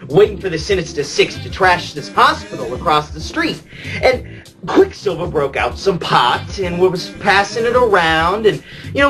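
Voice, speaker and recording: A man plays a jaded retired superhero in a rambling, confessional monologue, laughing as he tells crude stories packed with "you know" fillers. His voice is high and a bit bright, captured in a rough recording.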